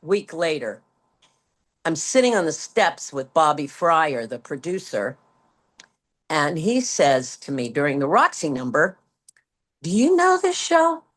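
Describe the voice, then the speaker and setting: A woman in her seventies, a former stage performer, telling a backstage story in an interview and acting out the quoted dialogue with lively swings in her voice. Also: low-pitched, a little slow. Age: 70s. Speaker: guest, former Broadway performer. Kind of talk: anecdotal storytelling.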